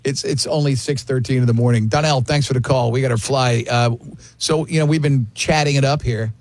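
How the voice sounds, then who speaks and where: A man's voice: mid-range voice, steady tone, brisk, darkish tone, dry recording. A man hosting a morning radio show, joking around in casual banter. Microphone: studio mic.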